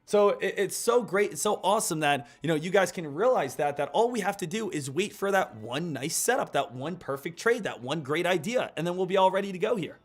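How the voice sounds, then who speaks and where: A man's voice: sits high, lively intonation, fairly quick, hardly any pauses. A man hosting a live day-trading stream, coaching viewers in an upbeat, repetitive hype style. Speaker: day-trading livestream host. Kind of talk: live market commentary and coaching.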